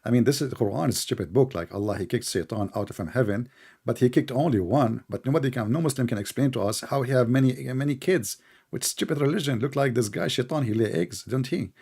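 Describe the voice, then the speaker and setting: A man hosting a live online debate. He speaks slowly and deliberately in non-native English, and he mocks and interrupts his opponent. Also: mid-range voice, darkish tone, slightly rough. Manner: combative, mocking, keeps interrupting; slow, deliberate speech with non-native grammar. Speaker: debate host.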